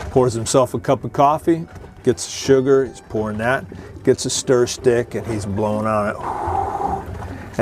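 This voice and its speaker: A man's voice: medium pitch, noisy background. Middle-aged man spinning a salty sea story. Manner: salty, joking, chuckles through the story. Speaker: retired Coast Guard veteran, video host. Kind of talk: casual spoken storytelling. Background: music.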